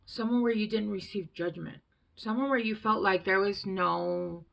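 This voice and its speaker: A woman's voice: mid-range voice, normal speed, vocal fry, a bit bright. A woman giving a casual, rambling tarot reading, chatty and full of fillers. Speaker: tarot reader.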